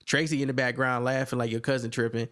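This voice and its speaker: A relaxed, mid-pitched man talks quickly as a podcast co-host recapping a TV episode. His retelling is animated, and he acts out the characters' lines in a raised voice during this casual chat about the scenes.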